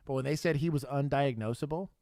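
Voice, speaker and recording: A man's voice: mid-range voice, fast, darkish tone, no room sound, studio quality. A man in his thirties, a former police officer co-hosting a livestream, telling stories bluntly with swearing and frequent laughter. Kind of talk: casual livestream chat.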